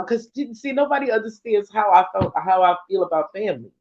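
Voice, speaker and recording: A woman's voice: medium pitch, lively intonation, brisk, darkish tone. Emotional, effusive woman vlogger, lo-fi sound. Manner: emotional and effusive, swears casually; laughs often, with a loose conversational rhythm. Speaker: spiritual vlogger addressing followers. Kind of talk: casual heartfelt talk. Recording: slightly dull lo-fi recording.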